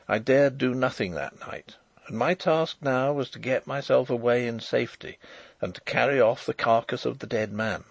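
A man narrating a novel chapter aloud in a measured, expressive reading. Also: mid-range voice, vocal fry, no echo. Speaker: audiobook narrator.

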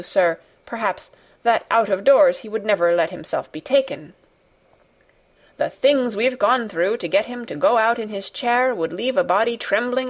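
A woman's voice: medium pitch, natural voice. A woman reading the part of a flustered, fussy middle-aged housekeeper who explains breathlessly to her master. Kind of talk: audiobook character reading.

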